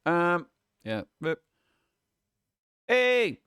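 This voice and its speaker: A man chatting casually on a stream, reading headlines and memes aloud and answering them with sarcastic, animated asides. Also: sits high, drawn-out words, clear, resonant tone, dry recording. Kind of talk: casual live-stream chat.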